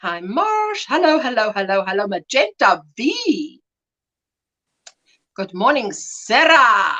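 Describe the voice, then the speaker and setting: A middle-aged woman chats on her livestream in a loose, rambling way, laughing often and acting out small scenes as she greets viewers. Her voice sits high, with a bright edge, and it swoops up and down. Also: wildly swooping pitch, slow pace, muffled recording. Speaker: livestream host. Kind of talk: casual livestream chat.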